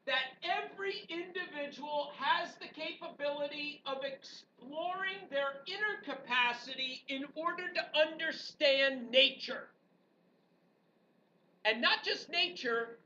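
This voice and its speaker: A woman history teacher giving an animated, joking classroom lecture full of rhetorical questions to her students. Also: high voice, takes it slowly. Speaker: high school history teacher. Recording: dull, distant classroom recording with faint background noise.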